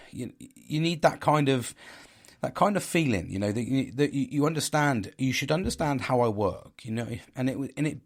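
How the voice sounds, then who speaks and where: A man's voice: mid-range voice, animated, normal speed. Blunt, rambling man who swears a lot. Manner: swears freely, rambling with restarts; candid, blunt and laughing at himself. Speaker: podcast host. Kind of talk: casual chat.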